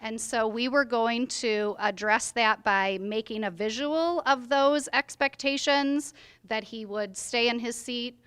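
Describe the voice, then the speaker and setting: A woman's voice: a little high, fairly bright tone, clear, resonant tone. A woman reporting her group's plan at a training workshop, explaining it step by step with many "like" fillers. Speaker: workshop participant. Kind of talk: group share-out.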